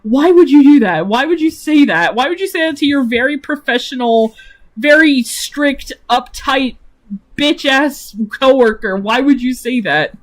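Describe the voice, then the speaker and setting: A woman's voice: mid-range voice, close to an everyday voice, poor audio. Woman doing a flustered office guy scolding himself. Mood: exasperated. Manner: exasperated, rapid self-questioning.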